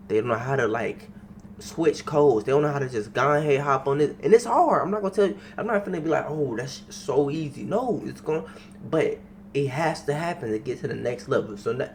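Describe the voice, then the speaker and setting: Animated young man reacting to a video. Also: a little high, slight background noise. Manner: animated, slangy, swears freely. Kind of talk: casual reaction commentary.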